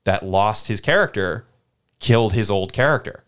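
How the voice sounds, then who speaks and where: Low-voiced man telling game stories. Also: normal speed. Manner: animated, profane storytelling. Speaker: game master. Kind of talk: casual podcast chat.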